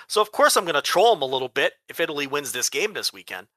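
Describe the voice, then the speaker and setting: Bright, sarcastic man ranting. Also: fairly high pitch, big pitch swings, fast, dry recording. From New Jersey. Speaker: podcast co-host. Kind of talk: casual chat.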